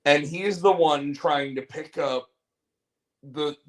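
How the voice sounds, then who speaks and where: Man co-host, casual chat, slightly high voice, slow delivery with repeated words. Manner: rambling, repeats words and restarts. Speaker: podcast co-host.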